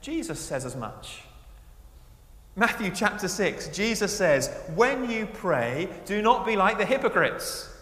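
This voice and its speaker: A male preacher delivering a sermon with a fairly high voice. He swings between raised, emphatic lines and quiet asides. The sound carries a long, roomy echo from a church hall. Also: big pitch swings, unhurried.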